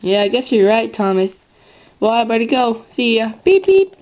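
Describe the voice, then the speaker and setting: A woman voicing a friendly male engine in a toy-train story, with a hesitant, halting delivery. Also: a little high, fairly even intonation, highs cut off, voice pushed up, lightly acted.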